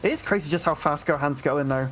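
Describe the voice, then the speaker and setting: A woman co-commentating a live game tournament, giving relaxed analysis with frequent ums and restarts. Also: sits low, fast, faint music behind. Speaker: esports co-commentator.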